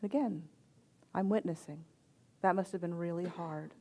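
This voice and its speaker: A middle-aged woman, a reverend and chaplain, giving a sermon with personal stories in a gentle, reflective voice with soft pauses. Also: lowish voice.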